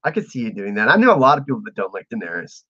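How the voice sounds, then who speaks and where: A man's voice: on the low side, very animated, racing, sharp tone, slightly rough, dull audio. A man hosting a casual livestream, chatting with viewers and reading out their messages, laughing often. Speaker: livestream host.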